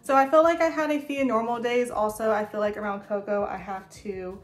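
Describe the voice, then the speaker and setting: A woman's voice: a little high, fairly even intonation, fairly quick. A young woman talking casually to camera in a vlog, chatty and full of fillers. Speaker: vlogger. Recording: echoey room.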